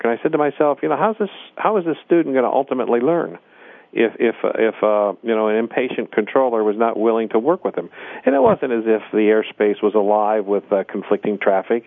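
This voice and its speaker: A man's voice: mid-range voice, no echo. A man, a flight instructor, telling stories from his teaching in a rambling way, with many restarts. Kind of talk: storytelling in a casual interview. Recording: tinny phone line.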